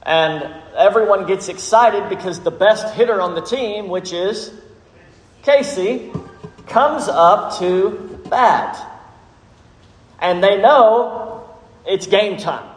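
A man preaching a sermon as pastor, telling a story with measured, dramatic emphasis. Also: high voice. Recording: echoey hall with long reverb.

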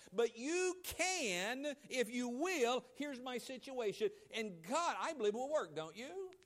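A male pastor preaching a sermon, swinging between loud emphatic lines and quiet low asides, acting out quoted voices.

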